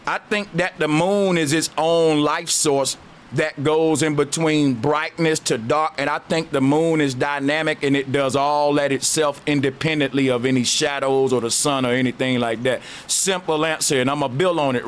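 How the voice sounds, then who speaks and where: Southern guy hosting a call-in, slow drawl, kinda high voice, argues back hard. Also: fairly even intonation, clean tone. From Southern United States. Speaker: host. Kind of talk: call-in debate.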